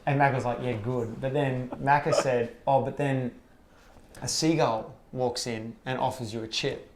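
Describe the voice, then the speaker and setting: A man, a comedian and actor, telling relaxed stories in a casual chat, swearing freely and acting out old conversations. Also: medium pitch, measured pace, background noise. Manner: relaxed, swears freely, acts out past dialogue.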